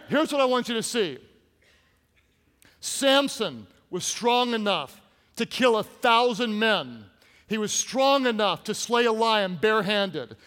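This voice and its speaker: A man preaching a sermon to a congregation, animated and jokey, acting out the story with voices. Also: high voice. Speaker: pastor. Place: large church hall. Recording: hall reverb from large room.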